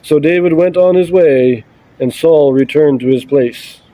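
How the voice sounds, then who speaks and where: A man with a fairly high but mellow voice reads verses aloud and then talks them over. His commentary is relaxed and casual, full of easygoing asides. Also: measured pace, no room sound, rough recording. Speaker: scripture commentator. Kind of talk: scripture reading and commentary.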